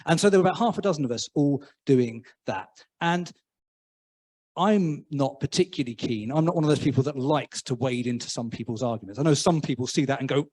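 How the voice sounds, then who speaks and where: An English man preaching a conversational sermon in church, self-deprecating and humorous, with frequent halting restarts. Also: medium pitch, darkish tone.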